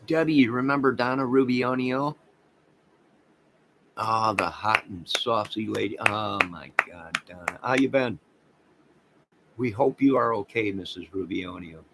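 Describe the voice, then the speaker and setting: A man hosting a casual livestream, rambling excitedly and talking to viewers by name. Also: on the low side, measured pace, long pauses, a little hiss or hum, poor audio. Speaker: livestream host reading chat.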